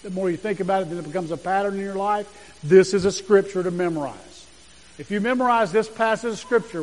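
A pastor with a high voice preaches a sermon, reading scripture aloud with weight in an earnest, deliberate manner. A long reverb trails behind his words as they ring out.

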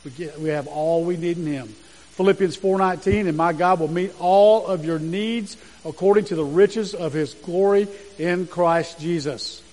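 A man with a high voice preaches a sermon, earnest and deliberate as he reads scripture aloud with weight. His words ring out with a long reverb trailing behind them. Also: a little mellow. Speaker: pastor.

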